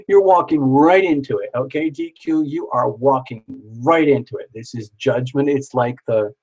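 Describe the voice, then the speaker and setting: During a casual live stream, a man reads tarot for his viewers, talking in a chatty, excitable way packed with jokes and asides to the audience. His pitch is ordinary and his pace moderate. The voice is slightly rough, and the sound is lo-fi.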